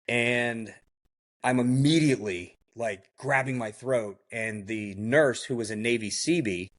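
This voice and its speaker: At a measured pace and in a mid-range voice, a podcast guest casually narrates his own story. He fills it with blunt, vivid detail, acts out what people said, and keeps dropping fillers like "like" and "I go."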